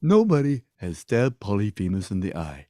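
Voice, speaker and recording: A man's voice: fairly low pitch, very animated, moderate pace, dark tone, no room sound, clean studio sound, voice pushed down. A man voicing a group of male giants in a comic story, chanting a line over and over. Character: chorus of neighboring male giants.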